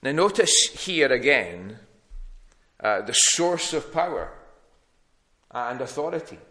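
Guy preaching a sermon, bright voice, middle pitch, keeps restarting his sentences. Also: sing-song, takes it slowly. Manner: plain teaching tone with frequent ums and restarts.

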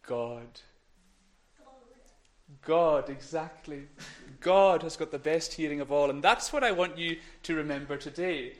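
A middle-aged minister with a voice on the high side and an unhurried pace gives a children's talk in church over a microphone. He's playful and encouraging, sometimes dropping to a whisper.

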